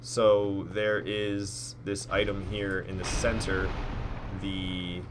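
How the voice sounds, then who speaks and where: A man's voice: sits low, completely flat delivery, takes it slowly, noisy background. A man giving rambling live commentary as he plays a game, talking to himself and cursing at his own mistakes. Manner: rambling, self-critical, swears when frustrated. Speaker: gameplay streamer.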